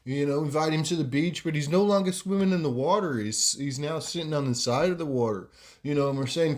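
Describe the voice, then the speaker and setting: A man's voice: a little high, fairly quick, a little mellow. A man hosting a podcast, telling a story casually and rambling with lots of fillers. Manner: rambling, many fillers and "you know". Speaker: podcast host.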